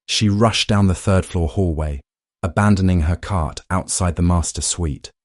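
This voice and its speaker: Deep-voiced man narrating a dramatic story. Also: moderate pace, dry recording, clean studio sound. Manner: steady, dramatic storytelling delivery.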